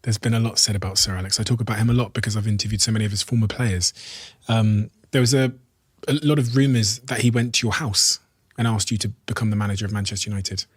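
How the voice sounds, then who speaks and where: A man's voice: on the low side, steady tone, fast, breathy edge, dry recording. Man hosting a podcast, dry close sound. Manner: earnest, personal sponsor reads. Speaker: podcast host. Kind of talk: host reads and interview questions.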